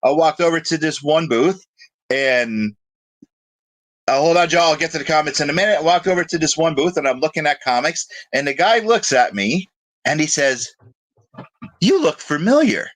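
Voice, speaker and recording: A man's voice: fairly high pitch, animated, moderate pace, fairly bright tone. A man co-hosting a live web show, chatting casually, telling a rambling story and reading viewer comments aloud. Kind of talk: casual live-stream chat.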